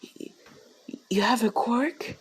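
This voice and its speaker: A man voicing an anxious, tearful middle-aged mother in a high, wavering, stammering falsetto. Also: measured pace, breathy edge, exaggerated voice, low-quality recording. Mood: astonished.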